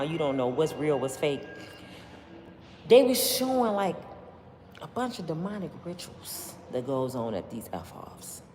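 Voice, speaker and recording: A woman delivers opinionated commentary in an emphatic, preachy way, with constant rhetorical questions to her viewers. Her pitch swings widely. The voice carries a long, roomy reverb over faint background noise. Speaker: commentary vlogger.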